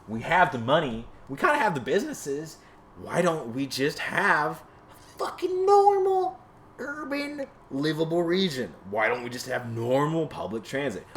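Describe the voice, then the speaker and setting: A man hosting his own show, delivering a heated, profane rant to a camera, swinging from shouting to low muttering. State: sweaty from exertion. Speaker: podcast host. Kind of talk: solo ranting commentary to camera. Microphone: camera mic.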